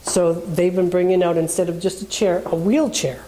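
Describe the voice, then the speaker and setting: A woman's voice: on the low side, fairly even intonation, moderate pace, warm tone. A woman minister preaching in a conversational way, telling a personal story and acting out the people in it.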